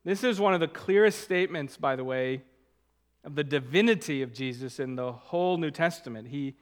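A man preaching a sermon as a pastor, earnest, slowing down to stress key words. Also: a little high, fairly bright tone, clear, resonant tone.

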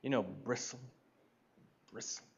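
A man preaching a sermon, deliberate and building to emphatic points. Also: medium pitch, vocal fry, husky, lo-fi sound. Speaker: pastor.

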